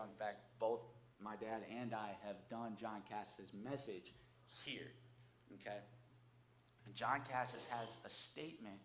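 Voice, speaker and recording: In an echoey church sanctuary, a man with a low, fairly bright voice preaches and shares personal testimony. His manner is conversational, often ending lines with "okay?" or "right?". Slight background noise and faint ambience are audible.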